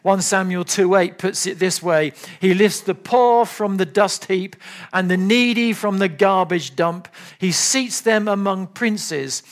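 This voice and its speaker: High-voiced preacher, earnest and emphatic. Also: male voice, measured pace. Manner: earnest, emphatic preaching that sinks to soft, low appeals. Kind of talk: sermon.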